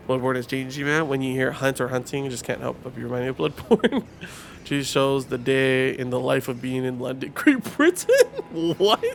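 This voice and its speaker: A man giving casual live commentary while streaming a game, talking to his chat in an excitable, rambling, slangy way. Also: medium pitch, normal speed, gravelly, slight background noise. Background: game music.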